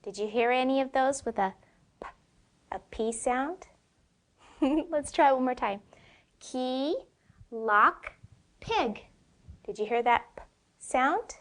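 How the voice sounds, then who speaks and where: A woman teaches phonics to young children in a slow, drawn-out way. Her voice sits a little high. She keeps checking in with her listeners through questions. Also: a little mellow.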